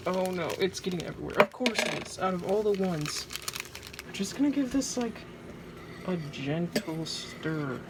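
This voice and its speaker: Animated and brisk, this woman's mid-range voice carries a casual craft vlog about her own project. Anxious and theatrical, she jokes at her own expense over the background noise of a home recording.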